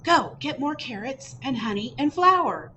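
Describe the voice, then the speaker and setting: A woman reading aloud, voicing an eager little mouse in a children's storybook with a high, squeaky voice. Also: very animated, unhurried, bright, forceful tone, slight background noise, heavily acted. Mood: urgent. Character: small eager mouse baker.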